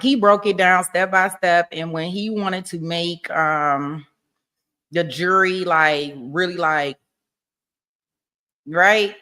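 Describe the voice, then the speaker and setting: Casual woman livestream commentator with a lowish voice, chatty and quick to laugh. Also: a bit bright. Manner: chatty, laughs often, talks to viewers.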